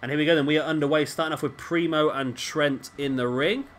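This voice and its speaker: A man's voice: a little high, steady tone, fast talker, slight background noise. A man giving casual, rambling commentary over a wrestling video game and often correcting himself. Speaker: gaming commentator.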